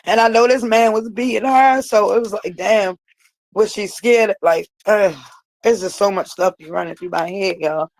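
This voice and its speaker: A woman's voice: mid-range voice, moderate pace, darkish tone, no room sound, poor audio. A woman vlogger telling a personal story straight to her viewers, emphatic and repeating herself for weight.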